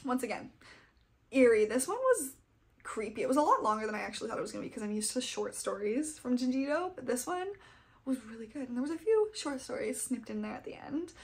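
High-voiced gushing woman book vlogger. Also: very animated, quick pace. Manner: gushing, chatty, fangirly. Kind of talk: casual book wrap-up chat.

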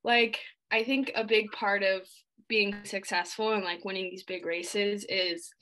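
A young woman athlete answering interview questions in a casual, relaxed way, with lots of "like" and "I mean," shivering a little after an ice bath. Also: medium pitch, a little slow, low-quality recording. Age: young adult. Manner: relaxed, filler-heavy speech, many "like"s.

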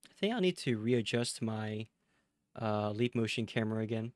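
A man live-streaming a horror game, chatting with his viewers, tired after a night with little sleep, and jumping to loud excitement at the scares. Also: fairly low pitch, normal speed, dry recording, clean studio sound.

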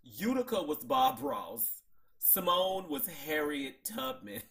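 A man hosting a casual TV recap, excitable and chatty, laughing at his own jokes. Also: a little high, gravelly. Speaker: show host.

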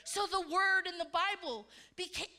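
A woman in her fifties preaching in a large church, swinging between loud exclamations and hushed asides. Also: very high-pitched, normal speed. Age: 50s. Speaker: conference speaker. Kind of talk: sermon.

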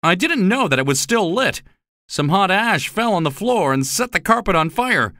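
A friendly, grateful bargee from a storybook, as a male narrator puts him on. The voice is raised, bright and hearty, leaping up and down in pitch. It is recorded dry and close. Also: very animated, moderate pace, no echo, full character voice.

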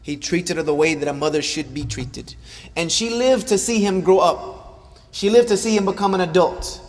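An impassioned male preacher giving a sermon, his voice rising and falling as he repeats lines for emphasis. His voice sits a little high for a man. A long hall reverb trails behind every phrase. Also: moderate pace. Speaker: Islamic preacher. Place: large hall or mosque.

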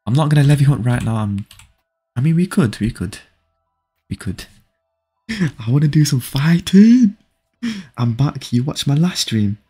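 A young adult man streams a game, his slightly rough, medium-pitched voice a little slow with long pauses. He chats with viewers and, excitable, pleads and laughs as he urges a friend to fight. Faint background music plays.

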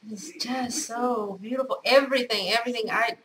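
Middle-aged woman craft vlogger, effusive and gushing, high bright tone, casual home chat. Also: moderate pace, a little hiss or hum, rough recording. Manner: gushing, effusive, repeats praise words.

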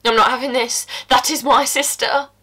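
A husky, low-voiced woman, played by an actress, tells her story bluntly, with swearing. She drops into hushed whispers as she confesses to a killing. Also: moderate pace. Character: tough working-class London woman confessing a killing. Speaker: actor performing a monologue. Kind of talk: stage monologue.

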